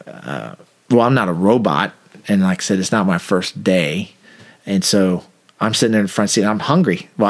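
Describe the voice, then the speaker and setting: A former police officer telling a funny story in a wry, conversational manner. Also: male voice, sits low. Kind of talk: anecdotal interview storytelling.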